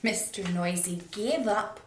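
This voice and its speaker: A woman's voice: mid-range voice, measured pace, a little hiss or hum. A woman reading a children's story aloud, playful and often dropping to a whisper. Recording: roomy echo.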